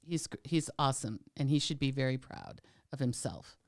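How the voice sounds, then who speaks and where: A woman's voice: extremely low pitch, expressive, normal speed. A woman co-hosting a podcast in casual chat, chatty and teasing, with plenty of "like" and "um". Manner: chatty, warm-hearted, teasing, lots of "like" and "um". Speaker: podcast co-host.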